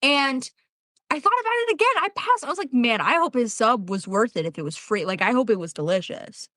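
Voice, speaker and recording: A woman with a fairly high voice that swings widely in pitch tells stories in a casual podcast chat. She is animated and often laughs. The sound is close and dry. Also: fairly quick, no room sound. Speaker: podcast co-host.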